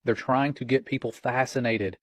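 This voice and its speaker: A man's voice: mid-range voice, fairly even intonation, normal speed, dry recording. A man hosting religious commentary, earnest and warning, retelling a conversation line by line.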